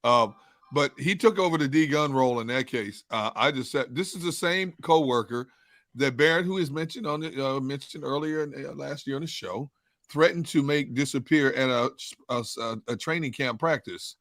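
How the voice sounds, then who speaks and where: Man, Philadelphia accent, measured, middle pitch, dry close sound. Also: a bit bright, no echo. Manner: measured, with frequent ums and uhs. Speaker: sports show co-host. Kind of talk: casual sports talk.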